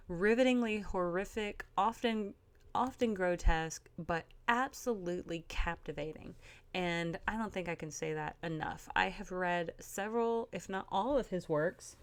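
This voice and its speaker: A woman giving a casual spoken book review, earnest and careful, often pausing with um and restarting her sentences. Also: lowish voice.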